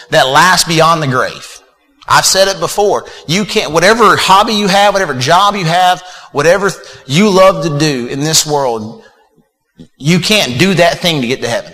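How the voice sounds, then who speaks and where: Bright-voiced preacher in a reverberant hall. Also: male voice, fairly high pitch. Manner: conversational preaching with fillers and repeated words. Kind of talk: sermon.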